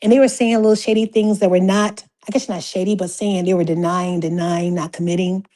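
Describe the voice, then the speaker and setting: A woman's voice: lowish voice, little pitch movement, brisk, warm tone. A woman calling in to a show, chatting in a rambling way. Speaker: caller. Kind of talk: casual phone-in chat.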